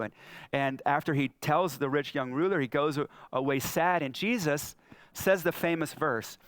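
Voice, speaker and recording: A man preaching a sermon as pastor, telling Bible stories in an animated way and acting out the figures. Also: a little high, moderate pace, clean tone, dry recording. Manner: animated storytelling, acting out scripture.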